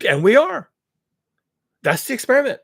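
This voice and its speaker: Sarcastic male ranter, husky and lively, profane, loud then muttering. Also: very high-pitched, moderate pace. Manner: profane, mocking, swings between shouting and muttering. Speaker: commentary channel host. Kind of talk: sarcastic rant monologue.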